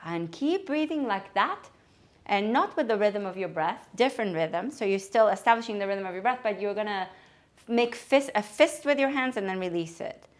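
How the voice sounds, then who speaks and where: A woman yoga teacher giving calm, gentle spoken cues for breathing and movement. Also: medium pitch, moderate pace. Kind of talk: guided yoga instruction.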